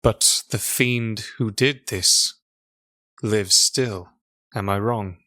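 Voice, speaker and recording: A solemn, mysterious male stranger, voiced by a player at a tabletop game who speaks very slowly and formally, weighing each cryptic phrase. The voice is bright and forward, close and dry with no room sound. He stays calm and composed throughout. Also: medium pitch, no room sound. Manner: slow, measured, formal speech. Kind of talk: tabletop role-play voice acting.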